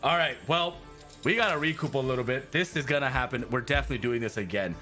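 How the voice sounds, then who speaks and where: A man voicing a brash, short male barbarian leader in a tabletop game, gruff and loud. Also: medium pitch, fast talker, soft background music, natural voice. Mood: hearty.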